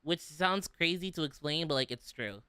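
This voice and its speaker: This vtuber streamer, a young American man from the South, casually reads livestream comments in a slightly high voice with lively intonation at normal speed. His tone is pushed, bright, clear, and resonant, with no room sound, and his giggly chatter is heavy with "like."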